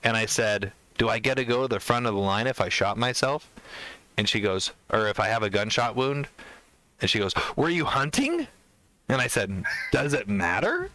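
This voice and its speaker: Male podcast host, rambling storyteller, bright clear voice, low-ish. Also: a little fast, no echo. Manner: rambling, full of fillers and acted-out quotes. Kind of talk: casual storytelling chat.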